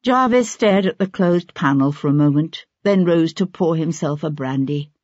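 An audiobook narrator reading a novel in measured, even scripted narration. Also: medium pitch, dry recording. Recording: dull lo-fi audiobook recording.

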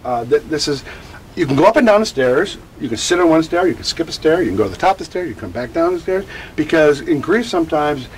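A man who teaches about grief speaks in an interview with a slightly high voice that swings widely in pitch. His answers wander from one point to the next, and he acts out the quotes he tells. A faint hiss sits under the recording. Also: fast talker, rough recording. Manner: animated, digressive, acts out quotes. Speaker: grief educator.

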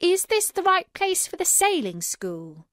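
A woman voicing a nervous, eager young schoolboy in a storybook, speaking high and hesitantly. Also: sing-song, a little slow, fairly bright tone, dry recording, clean studio sound, exaggerated voice. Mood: polite, nervous.

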